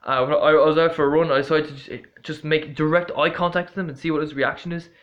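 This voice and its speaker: A man's voice: fairly high pitch, fairly even intonation, fast talker, a bit bright. A man vlogging, telling a story in a casual, rambling way with lots of fillers and restarts, blunt and exasperated. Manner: blunt, swearing, exasperated retelling. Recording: dull lo-fi recording.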